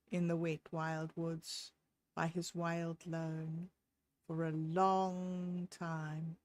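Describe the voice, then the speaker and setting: A woman reading a classic story aloud in an unhurried, gently expressive way. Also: low voice, no room sound.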